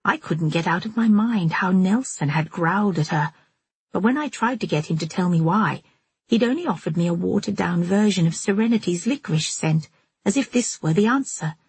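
A woman reading a first-person novel aloud as an audiobook narrator, in a measured, steady manner. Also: fairly low pitch, husky, no echo.

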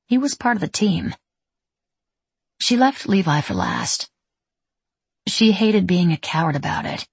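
A woman narrating an audiobook in a measured, wry storytelling manner. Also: low-pitched, creaky, husky, no echo. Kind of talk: scripted narration.

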